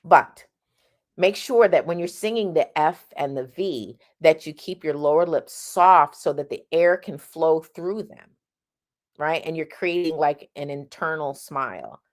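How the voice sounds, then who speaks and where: Speaking a little slowly in a low-pitched voice, this middle-aged woman teaches singing in a relaxed, talkative way. She keeps checking in with "right?" and breaks off mid-sentence to demonstrate sounds.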